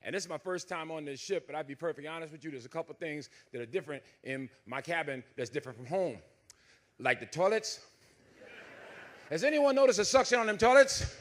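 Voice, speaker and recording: Middle-aged comic, loud and animated, high bright voice, cracks himself up. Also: male voice. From Southern United States. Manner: loud, animated, laughing at his own jokes. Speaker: stand-up comedian. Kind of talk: stand-up comedy. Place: cruise ship show stage.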